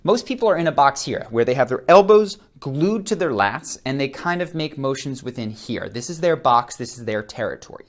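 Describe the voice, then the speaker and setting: A man giving an energetic on-camera lesson as a body-language coach, demonstrating as he talks. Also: mid-range voice, brisk, few pauses. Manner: energetic, demonstrative, plays with tone and rhythm. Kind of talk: on-camera instructional talk. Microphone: close camera framing, seated.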